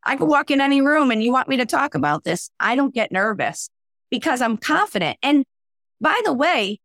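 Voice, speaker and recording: A woman's voice: high-pitched, normal speed, no room sound, clean studio sound. A woman working as a mental skills coach, talking in a casual interview and acting out the people she quotes. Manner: animated, acts out quoted voices.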